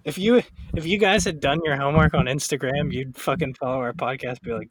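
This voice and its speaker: A man's voice: mid-range voice, fast talker, few pauses. Nasal joking podcast co-host, man. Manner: joking, rambling, laughs often, swears freely. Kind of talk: casual chat.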